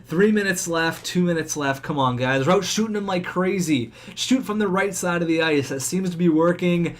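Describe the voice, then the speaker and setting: A young man giving excitable play-by-play commentary on his own video game hockey season, fast-talking and swinging between cheering and groaning. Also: high-pitched. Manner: talks fast. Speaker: gaming commentator.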